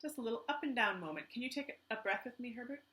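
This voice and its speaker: A woman teaching artist leads a children's art lesson, enthusiastic and gently instructive. Her voice is bright and animated and pitched a little high. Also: quick pace.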